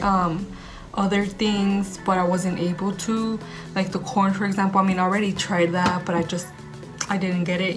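A young woman chatting to camera at home for her vlog, gushing and rambling with lots of "like". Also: medium pitch. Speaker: vlogger. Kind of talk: casual chat to camera.

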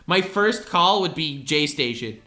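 A woman hosting a meme reaction video, exclaiming in disbelief and then giving flat mock-deadpan verdicts. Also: deep voice, measured pace. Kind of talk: casual reaction commentary.

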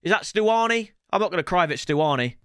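A young man giving excitable, swear-filled commentary on his football video game, often yelling at the game. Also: high voice, quick pace, noisy background. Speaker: gaming YouTuber. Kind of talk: let's-play gaming commentary.

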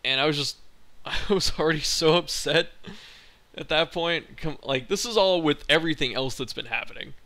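Young guy ranting casually, swears a lot, slightly high voice. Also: moderate pace, bright, forceful tone. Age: young adult. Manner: frustrated, profane storytelling. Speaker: college student vlogger. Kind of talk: casual venting monologue.

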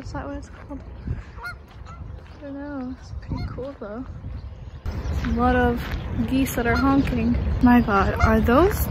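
Young woman, casual vlog, unhurried, slightly high voice, excitable chatter, outdoor trail, loud noise behind. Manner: excitable, chatty, exclaims often. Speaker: vlogger. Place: outdoor park trail by a lake.

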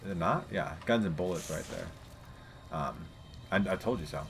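A let's play gamer, an adult man who is a parent, rambles casually through gameplay commentary, cursing freely and chatting with his viewers. His deep, creaky voice goes at a moderate pace, with background noise audible.

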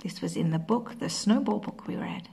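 A woman with a British accent teaching a remote lesson to young children in a slow, sing-song way that often drops to a soft whisper. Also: on the low side, creaky. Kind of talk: early-years remote lesson.

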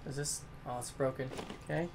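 A man giving let's-play commentary as a gaming host, swearing a lot and swinging from low muttering to yelling at the game. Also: fairly even intonation, fairly quick, creaky, background noise.

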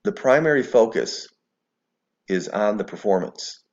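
A man's voice: on the low side, expressive, measured pace, highs cut off. A man giving scornful, preachy religious commentary to the camera, mixing scripture with sarcasm. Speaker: video commentator.

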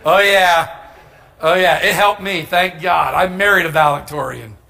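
A middle-aged male pastor preaching a storytelling sermon, humorous and animated, bursting into emphatic shouts. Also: on the high side, moderate pace, creaky.

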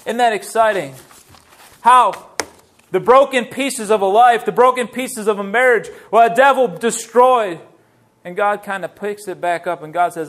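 A man preaching a sermon in a church, lively and full of rhetorical questions to the congregation. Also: very high voice, moderate pace. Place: church sanctuary.

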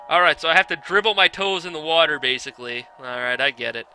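A man giving blind let's play commentary, exasperated, swearing often and yelling at the game. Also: a little high, lively intonation, fast talker, hardly any pauses, faint music behind.

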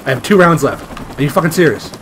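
A young man talks through a shooter match in loose, foul-mouthed commentary, his voice bright and swinging wildly up and down. He yelps, curses and laughs his way through every round. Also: fairly high pitch, fast, slight background noise. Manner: excitable, profane, yelps and laughs. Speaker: gamer. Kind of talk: casual gameplay commentary.

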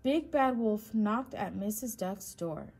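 A woman, a preschool teacher, reading a children's storybook aloud in a slow, expressive way. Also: mid-range voice, gravelly, slightly rough.

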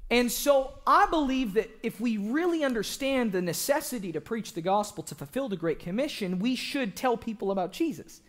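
A young man preaching an evangelistic sermon in a church, joking with the congregation and breaking into shouts for emphasis. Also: extremely high pitch, moderate pace, hardly any pauses. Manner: animated, joking, bursts into shouting.

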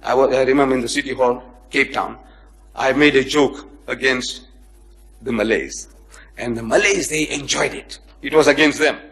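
With a mid-range voice touched by vocal fry, a man lectures publicly on comparative religion at a normal speed. He tells lively anecdotes, playing the parts of the people in them, while joking with and chiding the live crowd.

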